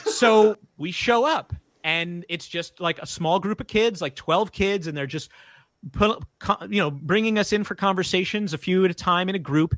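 Podcast guest: a man with a high, bright voice, full of swings and quick laughs, in a dry booth. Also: dry recording. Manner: animated, laughs often, acts out quotes. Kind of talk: casual storytelling.

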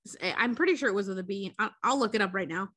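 Bright-voiced woman swearing through a story. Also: medium pitch, rapid-fire. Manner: profane, animated storytelling. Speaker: podcast co-host. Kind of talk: casual chat, retelling a movie plot.

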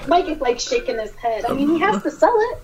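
A woman's voice: high-pitched, animated, fast talker, noisy background. A woman player making playful, joking asides at a tabletop game. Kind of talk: casual banter at a game table.

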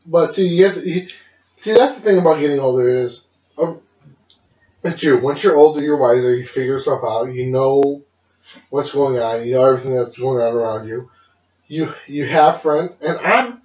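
A young man with a fairly high voice, speaking at a normal speed, casually tells a long personal story on a podcast. He rambles, laughs often and swears freely, in a dull, roomy lo-fi recording.

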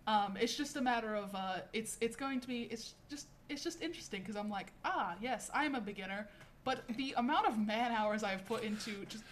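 A young adult woman chatting on a podcast in a voice that sits a touch high. She rambles, restarts her sentences and mocks herself, with a faint hiss of noise under her. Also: fairly quick, hardly any pauses. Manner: rambling, self-mocking, full of fillers and restarts. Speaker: podcast co-host. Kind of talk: casual podcast chat.

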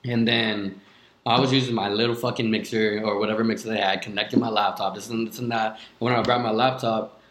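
A man's voice: lowish voice, flat delivery, a little fast, a bit bright. Young man telling stories, echoey room. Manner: loose, swears a lot, many "like" fillers. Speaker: DJ guest. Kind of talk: casual podcast storytelling.

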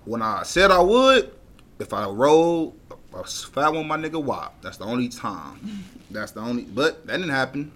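A man in casual chat, laid-back and halting, with many fillers. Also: mid-range voice, sing-song, fairly bright tone.

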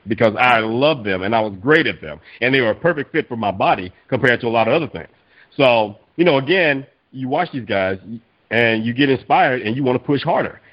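A man talks quickly in a loose, rambling way, full of "you know" and "like," about coaching his training classes. The recording is dull and lo-fi, and his pitch sits in an ordinary middle range. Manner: rambling, repeats fillers. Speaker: strength coach. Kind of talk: casual podcast chat.

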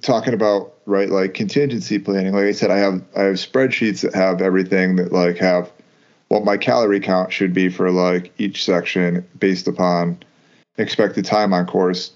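A man's voice: sits low, fairly even intonation, muffled recording. A man co-hosting a podcast in casual chat, talking loosely with lots of "like" and restarts. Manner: loose, halting talk full of "like" and restarts. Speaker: podcast co-host.

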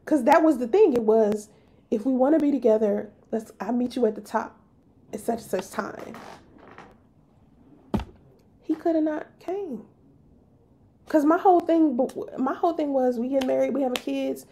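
A woman tells a story of her own on her podcast. Her voice sits a little high but stays gravelly and mellow. She speaks with animated emphasis. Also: moderate pace, long pauses, slight background noise. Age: 30s. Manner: animated, emphatic, slips into voicing others. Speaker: podcast host. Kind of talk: candid personal storytelling.

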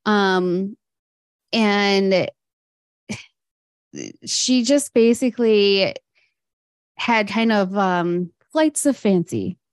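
A woman's voice: mid-range voice, extremely slow, pauses often, clean tone, dry recording. Woman podcast cohost rambling through a history story, dry close sound. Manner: storytelling, chatty with fillers and laughs. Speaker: podcast co-host. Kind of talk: casual history chat.

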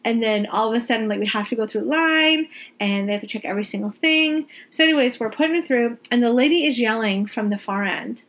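Brisk and a little high-pitched, this woman vents as she tells a travel story for her vlog. She sounds exasperated and animated, cursing openly and hammering points home by repeating words.

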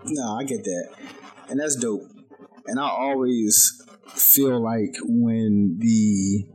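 A man co-hosting a podcast, mostly giving brief listening replies in casual chat with a slow drawl. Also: on the low side, mellow, breathy edge, poor audio. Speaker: podcast co-host.

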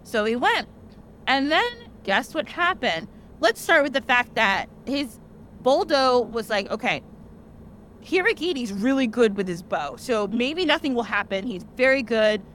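A young woman hosting a podcast, casually retelling an old tale in a chatty, animated way with lots of "like" fillers. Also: fairly high pitch, a little slow, slight background noise. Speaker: podcast host. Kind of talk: casual storytelling.

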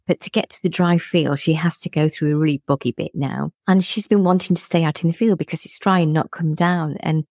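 A middle-aged woman with a low, warm voice and a gravelly edge, chatting reflectively as a guest. She laughs often while she talks. The sound is dry and close. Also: steady tone, fairly quick, few pauses, no room sound. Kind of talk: casual conversational chat.

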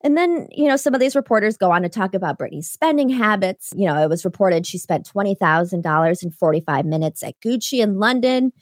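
A woman's voice: mid-range voice, lively intonation, brisk, few pauses, no echo, clean studio sound. A woman co-hosting a podcast in casual chat, recapping with wry asides. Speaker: podcast co-host.

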